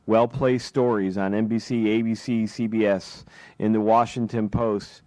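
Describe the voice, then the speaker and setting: A man's voice: fairly low pitch, flat delivery, moderate pace, dark tone, no room sound. Male talk radio host lecturing hard, lots of rhetorical questions, dry studio mic. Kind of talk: political radio monologue.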